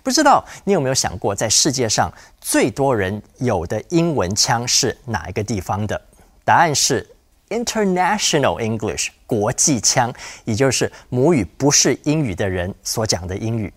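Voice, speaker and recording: A man from Taiwan, a bilingual language teacher explaining English words in Mandarin and English with clear, measured delivery. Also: mid-range voice, very animated.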